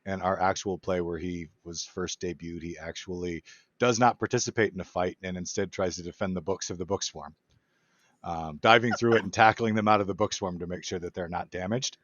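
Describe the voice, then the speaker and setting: A man's voice: deep voice, fairly even intonation, fairly quick, a bit bright, no room sound, lo-fi sound. A man eagerly explaining a game item he designed in a casual podcast chat, with plenty of filler words. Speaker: podcast guest, adventure designer.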